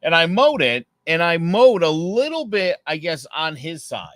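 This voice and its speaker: Animated male podcast storyteller. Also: on the high side, a little slow, no room sound. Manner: animated storyteller who acts out dialogue. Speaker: podcast co-host. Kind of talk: casual podcast chat.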